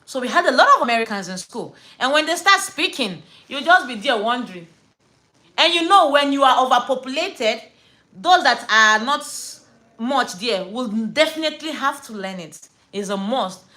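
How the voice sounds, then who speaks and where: A woman vlogger chatting casually, telling a story with pauses and fillers. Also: sits high, expressive, bright, forceful tone. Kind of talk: casual chat.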